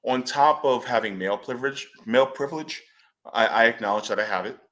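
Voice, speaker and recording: A man speaks on a panel in an emphatic, blunt way, letting loose a curse when worked up. His voice is bright and forward, set at an average pitch. He leans hard on his key points. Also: a little fast. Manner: emphatic, blunt, swears freely. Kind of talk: impassioned panel discussion.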